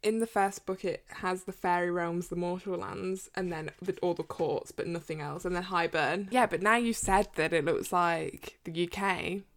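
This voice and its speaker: A woman's voice: lowish voice, steady tone, moderate pace, few pauses. A young English woman with an English accent, co-hosting a casual book podcast, chatty, with many fillers and frequent laughter. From England. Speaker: podcast co-host.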